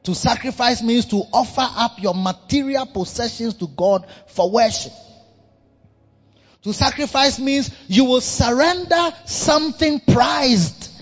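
A male preacher delivering a dramatic, animated sermon in a church, repeating words for effect. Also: very high voice, unhurried. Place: large church hall. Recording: dull reverberant hall with music.

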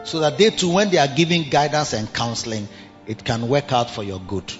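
A man's voice: mid-range voice, brisk. A man preaching a sermon as pastor, emphatic and full of rhetorical questions to the congregation. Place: church service. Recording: dull long church reverb with music.

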